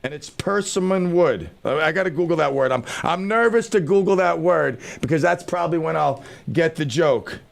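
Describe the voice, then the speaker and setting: A man's voice: on the high side, animated, normal speed, gravelly, hardly any pauses. A man hosting a radio talk show, bantering in a joking, self-mocking way into a studio microphone.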